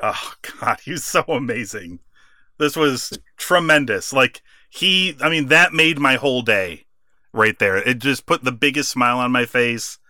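Bright, laughing man in casual podcast chat. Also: medium pitch, measured pace, dry recording, clean studio sound. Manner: animated, laughs often, acts out quotes. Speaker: podcast co-host.

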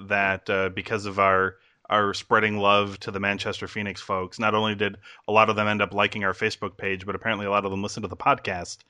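Rambling Midwestern podcast host, bright dry voice. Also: male voice, fairly low pitch, no echo. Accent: Midwestern American. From Midwestern United States. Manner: rambling, many filler words and restarts. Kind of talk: casual podcast chat.

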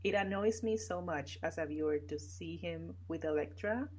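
A woman's voice: lowish voice, normal speed, darkish tone, slightly rough, low-quality recording. A woman co-hosting a podcast in casual chat, starting her sentences hesitantly. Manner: hesitant starts, frequent agreeing murmurs. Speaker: podcast co-host.

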